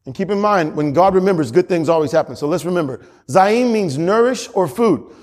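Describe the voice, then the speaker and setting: A man's voice: sits high, animated, brisk, darkish tone. A male pastor preaching a sermon with emphatic repetition and frequent chuckles. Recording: long hall reverb.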